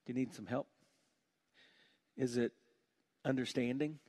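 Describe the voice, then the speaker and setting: A man preaching a sermon with passion, dropping to a hushed voice on heavy points. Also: medium pitch, fairly even intonation, measured pace, pauses often. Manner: impassioned, drops to a hush on heavy points. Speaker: pastor.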